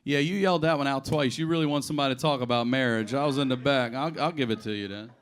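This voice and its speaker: Guy doing stand-up on the spot, swears a lot, acts out every quote, mid-pitched. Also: fast, clean tone. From Baltimore, USA. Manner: profane, animated storytelling with acted-out quotes. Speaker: stand-up comedian. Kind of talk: improvised stand-up on audience requests. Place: comedy club stage.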